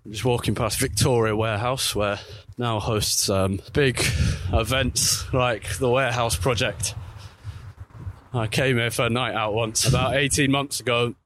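A man's voice: measured pace, slight background noise. Chatty male football reporter walking outdoors. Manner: chatty, self-correcting, lively pitch swings. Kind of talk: walking vlog commentary. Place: outdoors by a street.

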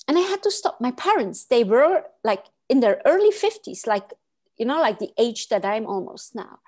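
A woman's voice: mid-range voice, a little mellow. A woman in her late forties, a guest telling a personal story in an earnest, emphatic way, with many fillers and restarts.

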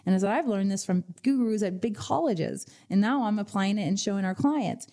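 A woman financial advisor hosting a radio finance show, telling lively client stories and acting out their reactions. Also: mid-range voice, brisk. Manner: energetic storyteller, acts out client voices.

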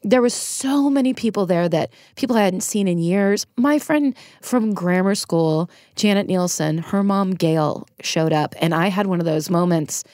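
A middle-aged woman from Northern California speaks in a lowish voice, recorded close and dry. She tells a personal story as a podcast guest, candid and emotional, now and then cursing for emphasis. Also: normal speed, hardly any pauses, no echo. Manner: emotional, frank, animated storytelling with swearing. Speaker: guest, comedian and TV writer.

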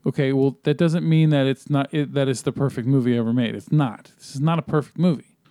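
A man co-hosting a movie review podcast, giving a measured, opinionated take in casual chat. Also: mid-range voice, fairly even intonation, dark tone, no room sound. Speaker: podcast co-host.

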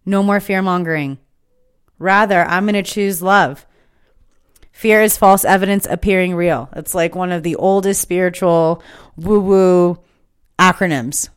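A woman's voice: fairly low pitch, a little slow, clean tone. A woman hosting her own podcast, giving an impassioned, emphatic spiritual monologue that is full of swearing. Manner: fired-up, emphatic, swears freely. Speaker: podcast host.

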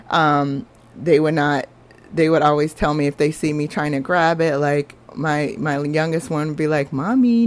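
Earnest woman telling her story. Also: low-pitched. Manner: earnest, confessional, chatty. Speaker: podcast host. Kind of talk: casual personal storytelling.

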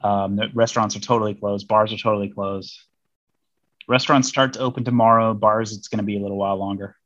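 A man's voice: fairly low pitch, steady tone, quick pace, fairly bright tone, no room sound, highs cut off. A man from Missouri, a diplomat, chatting casually as an interview guest, rambling with many fillers and restarts. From Missouri, United States.

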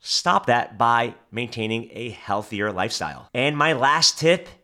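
A man's voice: medium pitch, measured pace, pushed and bright. A man hosting a motivational podcast, talking straight to the listener and repeating phrases for emphasis. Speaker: podcast host.

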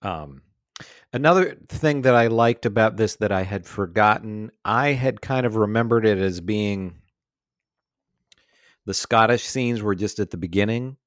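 Male podcast co-host, forties, low and dry, loose rambling talk. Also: unhurried, a bit bright, dry recording. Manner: rambling, many fillers and restarts. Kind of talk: casual movie discussion.

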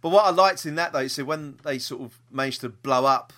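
A podcast co-host with a mid-range, slightly bright voice talks a little fast in a casual chat. He's chatty, full of fillers and laughter.

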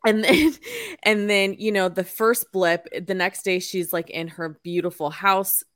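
A woman's voice: medium pitch, measured pace, no echo, studio quality. Chatty woman discussing a film. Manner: chatty, animated, laughs often. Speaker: podcast co-host.

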